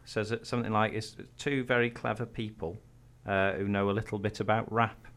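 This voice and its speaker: A man's voice: lowish voice, level tone, a little fast, fairly bright tone. A Welsh man co-hosting a casual podcast, laughing often as he chats. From Wales. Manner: laughs often, reads aloud in a mock-dramatic voice. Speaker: podcast co-host. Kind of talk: casual chat.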